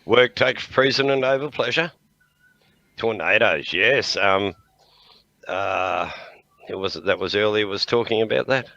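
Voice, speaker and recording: A man's voice: lowish voice, a little slow, long pauses, pushed and bright. An older man with an Australian accent, hosting a livestream in casual, rambling chat and talking fondly to his dog. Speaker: livestream host. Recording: dull, lo-fi sound.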